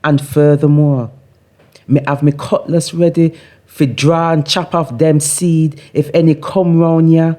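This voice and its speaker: A woman voicing a sharp-tongued Jamaican woman of eighty-nine in patois, scolding and feisty in a sing-song way. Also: sits low, fairly even intonation, measured pace, voice pushed up. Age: 80s.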